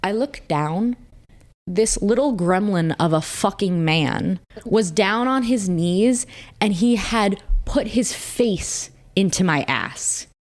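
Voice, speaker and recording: A young woman co-hosting a podcast, telling stories in animated, casual chat and swearing freely. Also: medium pitch, slow. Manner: animated storytelling, frequent swearing. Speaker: podcast co-host.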